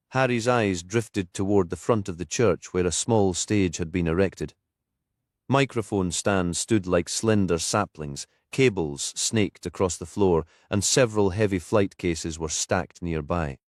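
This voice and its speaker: A man reading a crime novel aloud in steady, scripted audiobook narration. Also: sits low, measured pace, no room sound, clean studio sound.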